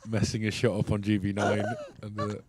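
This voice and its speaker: Joking pool commentator, low voice. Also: male voice, monotone, fairly quick, heavy background noise. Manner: jokey, banters and laughs often. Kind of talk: casual co-commentary.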